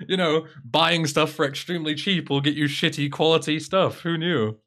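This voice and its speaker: A man's voice: fairly high pitch, steady tone, normal speed, hardly any pauses, a bit bright. A man with an English accent chatting casually on a live stream, sarcastic and swearing freely.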